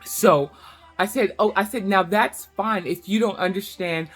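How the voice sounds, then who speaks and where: A woman's voice: mid-range voice, measured pace, a bit bright, slightly rough, soft background music. A middle-aged woman vlogging to camera in a chatty, emphatic way, repeating herself for stress. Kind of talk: casual talk to camera.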